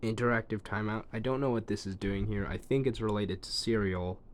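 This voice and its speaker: A tech reviewer casually demonstrates an old gadget in a hands-on demo recorded on a phone, thinking aloud with ums and trailing asides. His voice is lowish and steady in tone, and he talks briskly.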